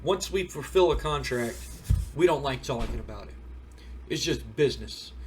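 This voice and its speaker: A man doing a flat, businesslike bodyguard. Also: mid-range voice, moderate pace, slight background noise, lightly acted. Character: laid-back male hired bodyguard, all business.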